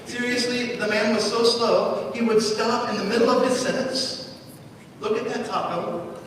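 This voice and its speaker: Male pastor, higher voice, storytelling sermon with dry wit; distant mic, long church reverb. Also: fairly even intonation, normal speed, a bit bright, a little hiss or hum. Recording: echoey church hall from far off.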